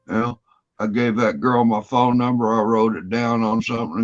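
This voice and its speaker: A man's voice: mid-range voice, steady tone, brisk. A man telling a long story in casual chat, rambling and swearing freely. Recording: dull lo-fi audio.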